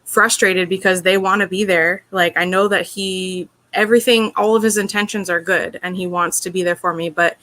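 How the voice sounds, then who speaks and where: A woman's voice: lowish voice, fairly even intonation, moderate pace, hardly any pauses, bright, forceful tone. A woman being interviewed, telling a personal story in an earnest, open way, with lots of "like" and "you know". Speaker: interview guest.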